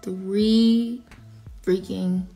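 A young woman, teary after crying, talking emotionally in a casual selfie vlog, her voice swinging from whispers to shouts. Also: mid-range voice, steady tone, extremely slow, soft background music. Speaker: singer.

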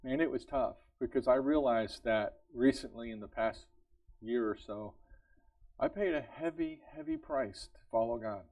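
A man's voice: medium pitch, sing-song, moderate pace, vocal fry, a little mellow, dry recording. Earnest male preacher, slightly distant mic. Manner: earnest, conversational, asks the congregation repeated questions; laughs lightly between points. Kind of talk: sermon. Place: church service.

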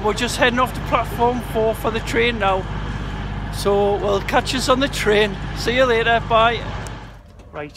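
A man, vlogging casually and excitably on the move through stations and trains, filming on a handheld camera. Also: very high voice. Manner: chatty, excitable, laughing often. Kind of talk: casual travel vlog. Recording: crowd and traffic noise around.

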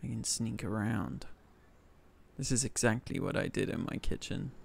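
A man's voice: on the low side, normal speed, gravelly, a little hiss or hum. A man from northern England streaming a cooking game, chatting casually, thanking viewers by name and joking about himself. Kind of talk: casual live-stream chat.

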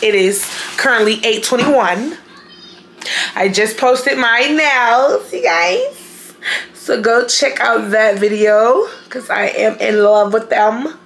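A woman's voice: a little high, slow pace, fairly bright tone, rough recording. A young woman chatting playfully to viewers while cooking dinner in her home kitchen, sounding sleepy with a slightly worn voice. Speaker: vlogger. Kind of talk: casual cooking vlog.

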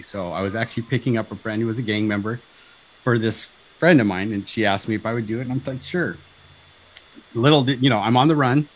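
A Southern California man in his fifties, a guest on a talk show, tells a personal story with lots of energy, acting out the dialogue and frequently asking "right?" His voice is fairly low, and the audio quality is poor.

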